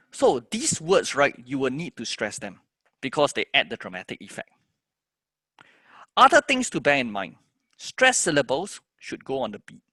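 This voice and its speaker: A man's voice: mid-range voice, sharp tone, slightly rough, dry recording. A man teaching a music composition lesson, explaining step by step and chanting the words of a poem in rhythm.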